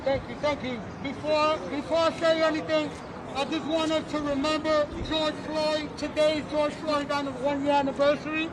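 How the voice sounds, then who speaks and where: A man giving an impassioned speech at an outdoor street rally, with halting restarts. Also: extremely high pitch, little pitch movement. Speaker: protest speaker. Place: outdoor city street march. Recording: live street feed amid crowd noise. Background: crowd and street noise.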